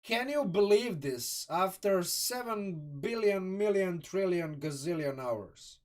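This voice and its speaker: A man from Croatia with a Croatian accent, chatting casually and excitably on a live stream, rambling and swearing freely. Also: sits high, takes it slowly, recorded from a distance. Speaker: live streamer reviewing a game sourcebook.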